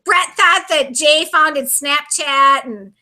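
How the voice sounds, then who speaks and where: A woman from Minnesota, a reality show contestant, chatting casually in an interview and telling stories in a lively way with frequent laughter. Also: high-pitched, takes it slowly. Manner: lively storyteller, laughs often.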